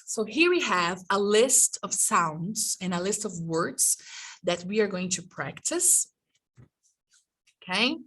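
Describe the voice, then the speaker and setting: A woman's voice: mid-range voice, big pitch swings, slow, a bit bright, slightly rough, distant mic. A woman teacher trainer leading an online workshop, demonstrating and exaggerating mouth sounds in an encouraging way, heard over a video call.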